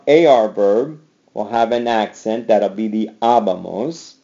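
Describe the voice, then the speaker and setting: A man's voice: mid-range voice, dark tone, muffled recording. A man teaching a recorded slide lesson, drilling verb endings aloud and repeating them for the class. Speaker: Spanish teacher.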